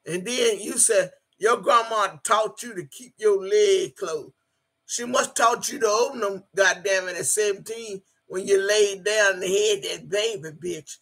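A woman with a husky, breathy voice rants profanely on her live stream. She curses, taunts and breaks into loud outbursts, then reads her chat comments aloud in the same rough voice. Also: medium pitch, measured pace.

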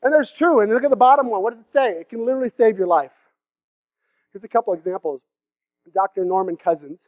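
A man's voice: sits high, quick pace, darkish tone, dry recording. A young man from the Seattle area giving a comedic keynote talk at a conference, joking with the crowd and acting out silly voices. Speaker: conference speaker. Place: conference hall stage.

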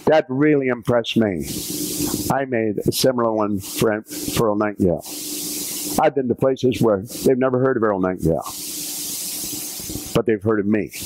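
A man in his seventies from Canada giving a motivational seminar talk, telling stories with lively voiced quotes. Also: on the low side, normal speed, pauses often, slight background noise, rough recording. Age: 70s. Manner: animated storytelling, acting out quotes. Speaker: motivational speaker.

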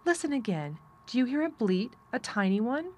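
A woman's voice: fairly high pitch, big pitch swings, moderate pace, pitched above the performer's own voice. A serious, earnest little girl who talks in a direct, matter-of-fact way, read by a woman in an audiobook. Her voice lifts a touch above the reader's own. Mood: eager.

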